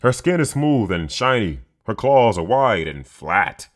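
A man's voice: on the low side, big pitch swings, measured pace, pitched above the performer's own voice. A man voicing curious, playful young wolf cubs full of wonder. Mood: amazed.

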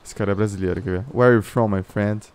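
A Brazilian man with a Brazilian Portuguese accent, a gaming YouTuber doing excitable, exaggerated commentary and in-game voice chat, swearing a lot. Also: on the low side, very fast, a little hiss or hum.

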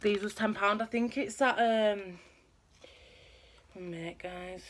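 A young woman talks through her haul in a loose, chatty show-and-tell way. Her voice sits at a middle pitch for a woman. The home recording carries clear background noise throughout. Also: steady tone, slow pace. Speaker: vlogger showing a haul. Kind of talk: casual chat.

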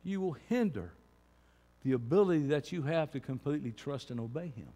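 A man preaching a sermon as pastor, moving from quiet talk to shouting. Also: fairly high pitch, expressive, brisk, in a large hall.

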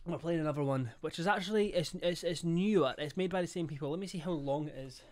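A man's voice: a little high, quick pace, darkish tone. Sweary young man streaming a game. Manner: chatty, swears a lot, reads out chat. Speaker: livestreamer. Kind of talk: casual live-stream chat.

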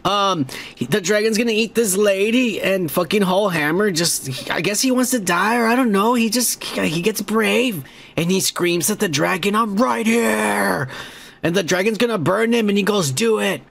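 Young man, podcast host, high voice, gravelly fry, profane excited rambling. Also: normal speed. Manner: excited, swears constantly, rambling. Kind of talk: casual profane show review.

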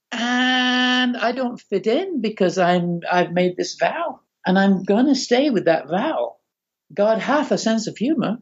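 An older man from Manchester with a Manchester accent, a guest telling animated stories with laughter over a video call. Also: sits high, gravelly, husky. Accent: Manchester English. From England, Manchester. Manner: animated, laughing, acts out voices. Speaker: guest musician. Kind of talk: storytelling in a podcast interview. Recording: dull lo-fi Skype call.

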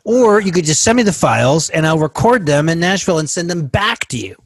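A man's voice: fairly high pitch, big pitch swings, a little fast, breathy edge, no room sound, clean studio sound. A man hosting a podcast, chatting enthusiastically with his guest and wrapping up the show. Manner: enthusiastic, friendly sign-off. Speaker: podcast host. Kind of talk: casual interview chat. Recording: music playing behind.

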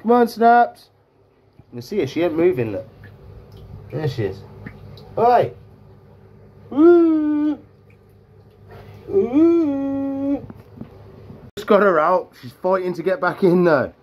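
A man's voice: high-pitched, sing-song, takes it slowly, pauses often, darkish tone, slight background noise. Chatty man coaxing his reptiles. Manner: chatty, talks to the animals in a coaxing sing-song. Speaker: reptile keeper and channel host. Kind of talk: casual animal-feeding vlog. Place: indoors among reptile tanks.

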